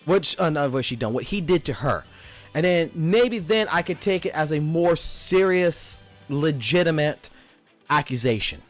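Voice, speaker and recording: A man in his thirties talks through a casual livestream in a fairly high voice, rambling and swearing as he rants. His delivery is animated, and faint guitar music plays underneath. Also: normal speed. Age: 30s. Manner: profane, rambling rant. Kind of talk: casual stream commentary.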